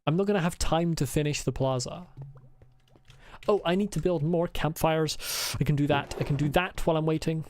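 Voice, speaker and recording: A man's voice: a little high, a little fast, a little mellow, slight background noise. A man streaming a video game, muttering his plans to himself, swearing freely and answering chat. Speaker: let's play streamer. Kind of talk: casual live gaming chat.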